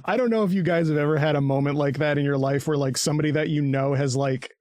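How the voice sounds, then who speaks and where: A man's voice: fairly high pitch, fairly even intonation, quick pace, darkish tone, no room sound, studio quality. A man hosting a casual podcast, rambling and joking loosely, swearing freely. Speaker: podcast host.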